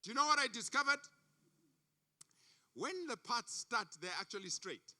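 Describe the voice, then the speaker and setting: High, animated preacher from Africa. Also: male voice, normal speed. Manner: emphatic storytelling, repeats phrases. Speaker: guest preacher. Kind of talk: sermon. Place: church service.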